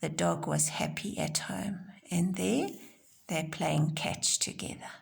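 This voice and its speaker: A woman teacher giving a recorded home-learning lesson to young children, explaining gently and simply. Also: fairly low pitch, slow pace, gravelly, slightly rough. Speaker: primary school teacher.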